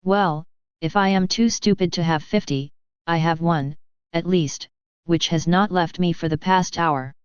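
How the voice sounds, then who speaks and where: A woman's voice: on the low side, a little slow, clean tone, no echo, muffled recording, close to an everyday voice. A woman reading an earnest troubled young farmhand. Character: humble young male ox driver, earnest and troubled.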